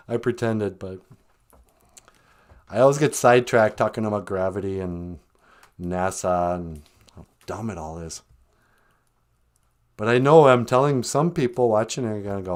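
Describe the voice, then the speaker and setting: A man's voice: on the low side, normal speed, pauses often, a little mellow. A man delivering a rambling, mock-serious comic rant, trailing off with chuckles. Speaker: comedic vlogger.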